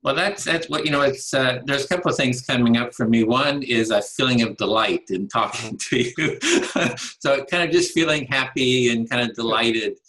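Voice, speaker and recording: A man hosting an interview conversation, hesitant, restarting his sentences and giving many soft "mm-hmm"s. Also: mid-range voice, moderate pace, rough recording. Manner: hesitant, restarts often, gives many "mm-hmm" backchannels, laughs lightly. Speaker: interview host.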